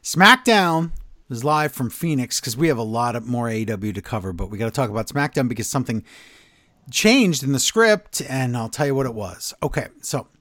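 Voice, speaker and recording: Animated, sarcastic man on a podcast. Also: medium pitch, moderate pace, no echo, clean studio sound. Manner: exasperated, sarcastic ranting. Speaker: podcast co-host. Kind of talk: casual wrestling podcast chat.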